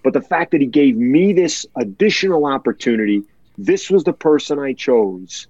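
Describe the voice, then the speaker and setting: A man's voice: mid-range voice, expressive, normal speed, a little mellow, no echo, dull audio. A man telling a heartfelt personal story in a podcast chat, earnest and emotional, repeating words for emphasis.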